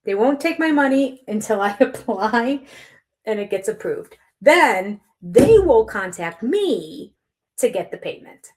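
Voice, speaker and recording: An older woman vlogging, chatty and animated, acting out both sides of phone calls with laughs and dropping to a near-whisper at times. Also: a little high, unhurried. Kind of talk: casual storytelling vlog.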